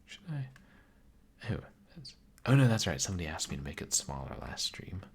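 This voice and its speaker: A man streaming a text adventure who chats with viewers, mutters his typed commands and reads the game's narration aloud in a measured storytelling voice. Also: low voice, sing-song, breathy edge. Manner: chatty, greets and thanks viewers, muses aloud over puzzles. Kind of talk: live game stream, reading game text aloud.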